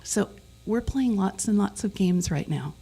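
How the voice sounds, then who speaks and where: A middle-aged woman speaks as a guest preacher, giving a conversational sermon with self-corrections and leading the congregation in call-and-response repetition of phrases. Her medium-pitched voice is expressive, a little slow and slightly rough, dark in tone with vocal fry.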